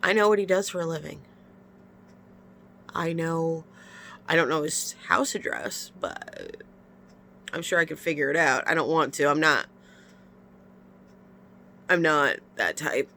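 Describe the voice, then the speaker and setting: A woman's voice: low-pitched, animated, a little slow, pauses often, bright, forceful tone, a little hiss or hum. Tearful woman venting, stuffy-nosed. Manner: emotional, frank venting with sighs. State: stuffy nose from crying. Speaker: vlogger. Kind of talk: casual confessional vlog.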